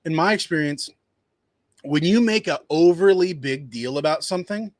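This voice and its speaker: A dumpster rental business owner with a somewhat high voice rambles through a customer story on a casual storytelling vlog, full of restarts and asides, at a moderate pace. He acts out other people's lines in a higher voice, keeping it conversational. The audio is dry and close, with no room echo.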